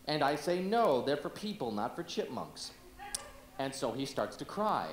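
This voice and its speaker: A man's voice: fairly high pitch, big pitch swings, normal speed, reverberant, slight background noise. A man playing an exasperated, whiny young actor. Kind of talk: amateur stage play.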